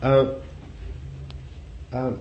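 A man preaching a sermon in a conversational way, repeating phrases and putting questions to his listeners. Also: extremely slow. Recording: dull lo-fi recording with faint hiss.

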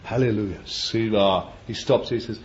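A man preaching a sermon, dramatic and deliberate, moving from quiet musing to loud cries and drawing out his words. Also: lowish voice. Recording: dull lo-fi recording with faint ambient noise.

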